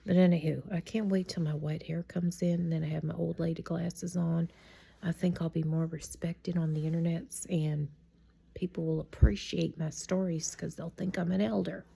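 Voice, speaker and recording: A middle-aged woman telling a true story in a chatty, rambling way, often dropping into a hushed whisper. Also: lowish voice, steady tone, normal speed, gravelly, breathy edge. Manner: chatty and digressive. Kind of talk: casual spoken storytime.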